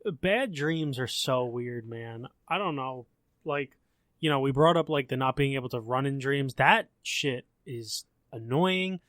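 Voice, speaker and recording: A man's voice: medium pitch, unhurried, a bit bright, no room sound, studio quality. A man co-hosting a podcast, laid-back and joking in casual slangy chat. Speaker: podcast co-host.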